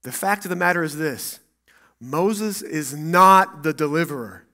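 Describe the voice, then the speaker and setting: A man preaching a sermon as pastor in a church, acting out Bible dialogue and swinging between loud and hushed. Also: fairly high pitch, a little slow.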